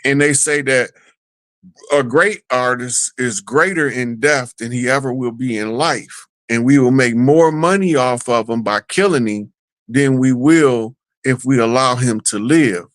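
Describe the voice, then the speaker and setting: A man's voice: mid-range voice, a little slow, no echo, rough recording. A man appearing as a guest on a talk show, speaking in a loose, rambling, conversational way. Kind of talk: casual talk show chat.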